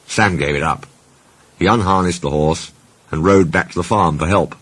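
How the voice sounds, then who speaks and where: A man narrating a children's storybook with expressive, varied delivery. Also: deep voice, normal speed, noisy background. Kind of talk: storybook reading. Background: music.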